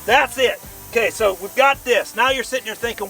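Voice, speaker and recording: A man hosting a casual outdoor vlog, with a joking, folksy, excitable way of talking. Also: very high voice, brisk, gravelly, distant mic, faint music behind. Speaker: RV vlog host. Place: outdoors by a vehicle.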